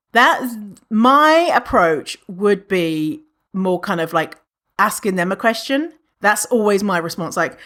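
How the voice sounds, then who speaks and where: A woman's voice: medium pitch, expressive, slow, fairly bright tone. A woman hosting her podcast in a casual, playful way, often acting out other people's remarks in mock voices. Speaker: podcast host. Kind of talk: casual solo podcast chat.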